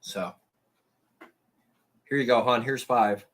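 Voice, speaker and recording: A man's voice: mid-range voice, fairly even intonation, slow, pauses often, fairly bright tone, slight background noise. A man live streaming and chatting casually with his viewers, rambling in a crude and profane way.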